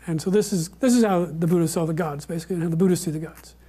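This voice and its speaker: A man's voice: fairly high pitch, very fast, dark tone, slightly rough. A man giving an informal lecture on religion and answering questions, often hesitating and restarting his sentences. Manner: hesitant, with many fillers and restarts.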